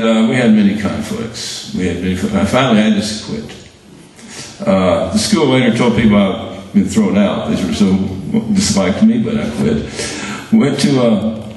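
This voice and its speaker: Brief older man recounting memories with halting restarts and wry humor, heard from afar in a big echoing room. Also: on the low side, a little mellow. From Birmingham, Alabama. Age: 70s. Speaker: award recipient giving a speech. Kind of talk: reminiscing speech to an audience. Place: large hall at an awards event. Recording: very echoey hall, mic far off.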